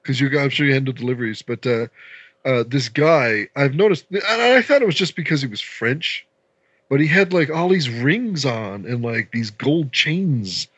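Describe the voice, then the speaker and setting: A man's voice: mid-range voice, normal speed, slightly rough, no room sound. Casual canadian guy rambling through a story, keeps doing little voices for people, pretty dry sound, a bit dull and lo-fi like remote audio. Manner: rambling and animated, acts out voices in his stories. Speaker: podcast guest.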